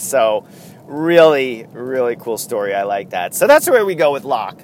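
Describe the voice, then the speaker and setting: A man's voice: medium pitch, sing-song, moderate pace, a little hiss or hum. A man hosting a casual chat, telling stories in a rambling way and laughing often. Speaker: podcast host.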